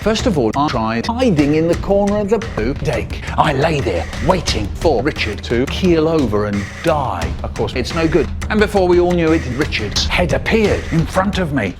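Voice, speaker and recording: Animated man spinning a silly tale. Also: moderate pace. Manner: animated storyteller, voices jumping high and low. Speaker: narrator. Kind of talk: spliced comedic storytelling. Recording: music bed underneath.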